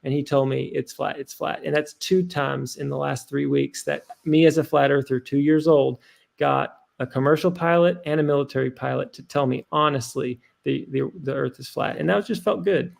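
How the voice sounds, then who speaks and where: A man's voice: on the high side, steady tone, moderate pace, vocal fry. A man in his thirties, a guest on a talk stream, telling earnest, rambling anecdotes with lots of fillers. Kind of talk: casual storytelling on a talk stream.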